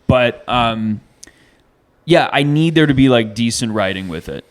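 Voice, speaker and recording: A man's voice: mid-range voice, lively intonation, unhurried. Young man telling stories, casual podcast. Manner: storytelling, swears freely, drops into whispers and impressions. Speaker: comedian guest.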